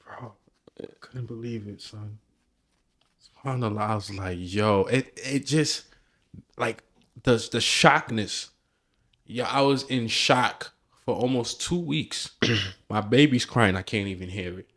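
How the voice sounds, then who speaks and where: A young man co-hosting a podcast, telling a story in casual chat, animated and excited, with lots of restarts. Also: on the low side, slow, long pauses. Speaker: podcast co-host.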